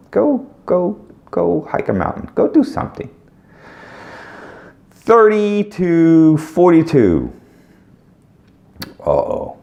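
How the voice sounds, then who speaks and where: A middle-aged man talks straight to the camera in a loose, rambling monologue, blunt and joking as he hands out career advice. His voice is gravelly, and his pitch leaps and drops with animated swings. He keeps circling back to the same questions. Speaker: ad agency owner giving career advice. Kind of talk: casual direct-to-camera monologue.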